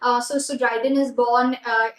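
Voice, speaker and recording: A woman's voice: fairly high pitch, level tone, normal speed, reverberant, rough recording. A woman with an Indian English accent teaching a live online exam-prep class, mixing Hindi and English and repeating key phrases as she praises students by name.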